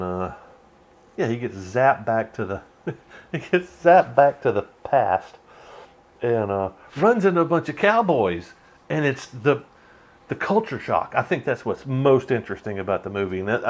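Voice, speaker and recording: Laid-back male host, rambling commentary with frequent laughs and some cursing. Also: fairly low pitch. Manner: rambling, laughs often, swears. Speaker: channel host. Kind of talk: casual movie commentary.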